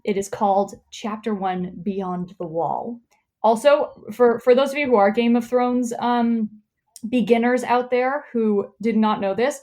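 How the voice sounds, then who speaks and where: A woman's voice: a little high, darkish tone. A woman hosting a comedy podcast, chatting loosely with lots of swearing and laughter, then reading a story aloud. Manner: chatty, profane, laughs often, rambling. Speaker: podcast host.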